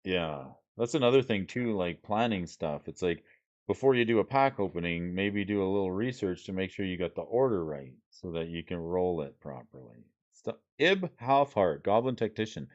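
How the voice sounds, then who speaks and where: A man's voice: low voice, lively intonation, normal speed, muffled recording. A man streaming casually, reading card names and rules aloud and chatting with his viewers. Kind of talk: casual livestream chat while sorting cards.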